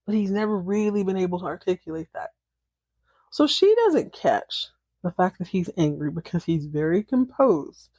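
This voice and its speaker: A woman podcast host recapping a TV drama episode in a sassy, animated way, laughing often as she comments. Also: on the low side, moderate pace, slightly rough, no echo.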